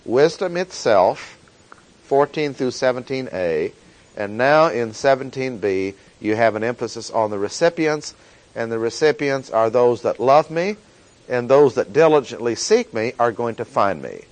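A male Bible teacher who speaks slowly and deliberately, leaning hard on key words as he reads scripture and explains it. His voice sits at a middle pitch, unhurried and methodical. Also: animated, rough recording. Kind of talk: verse-by-verse Bible lesson.

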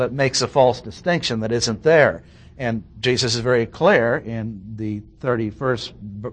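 A man preaching an expository sermon, reading Bible verses and stressing points methodically. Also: mid-range voice. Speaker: pastor.

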